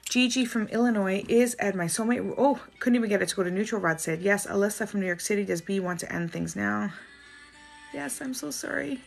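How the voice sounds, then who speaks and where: Gravelly-voiced Canadian woman reading questions. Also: medium pitch, fairly even intonation, soft background music. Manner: reads out names and questions briskly, soft apologetic asides. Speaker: spiritual reader doing live dowsing rod answers. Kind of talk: livestream reading viewer questions.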